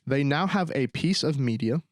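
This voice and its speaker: A man's voice: medium pitch, lively intonation, moderate pace, no room sound. Young male podcast host, casual sarcastic ranter, medium voice, dry recording. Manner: slangy, repeats "dude" and "bro", sarcastic. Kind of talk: solo casual rant.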